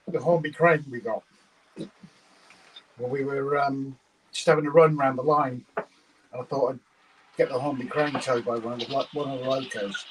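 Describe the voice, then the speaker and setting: A man's voice: medium pitch, a bit bright, breathy edge, low-quality recording. A man co-hosting a casual livestream, talking in a laid-back way with dry humour. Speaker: livestream co-host.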